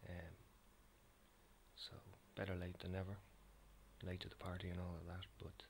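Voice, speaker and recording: A man with an East Coast Irish accent, talking in a hushed, unhurried soft-spoken ASMR style with many ums and uhs. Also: deep voice, completely flat delivery, creaky, a little hiss or hum. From Ireland. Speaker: ASMR creator.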